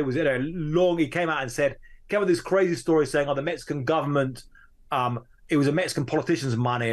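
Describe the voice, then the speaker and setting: In a conversational interview, a man who works as a journalist shares a story as the guest. His voice is mid-range, and his tempo lurches from fast bursts to slow, lingering stretches.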